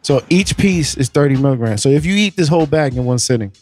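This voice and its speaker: Lively laid-back young man chatting. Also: medium pitch, quick pace. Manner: laid-back, laughing, slangy banter. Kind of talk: casual chat among friends.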